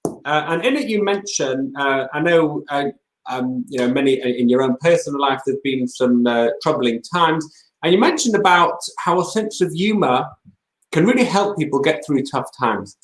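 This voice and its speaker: A man's voice: on the high side, animated, moderate pace. A man hosting an interview, speaking hesitantly with many fillers. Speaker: host. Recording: roomy echo.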